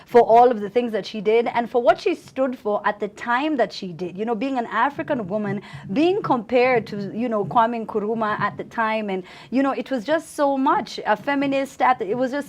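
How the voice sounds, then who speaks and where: A woman's voice: a little high, moderate pace, a little mellow, a little hiss or hum. A woman hosting a radio interview, enthusiastic and reacting a lot to her guest. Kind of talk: casual interview.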